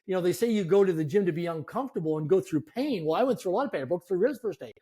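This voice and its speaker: A man in his fifties, a guest telling animated, self-deprecating stories in a conversation. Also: high voice, very fast, slightly rough. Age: 50s. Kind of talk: storytelling in a conversation.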